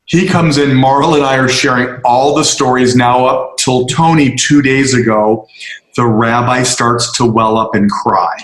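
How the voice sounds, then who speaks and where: A man's voice: mid-range voice, steady tone, measured pace, reverberant, rough recording. A man speaking as a guest to a group, telling an earnest, emphatic personal story and acting out the quotes. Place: on location with a tour group.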